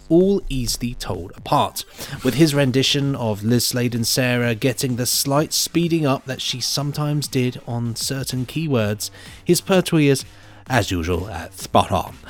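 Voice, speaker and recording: Giggly male podcast co-host reading reviews. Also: medium pitch. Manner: giggly, stumbles and restarts while reading aloud. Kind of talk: casual chat reading out reviews.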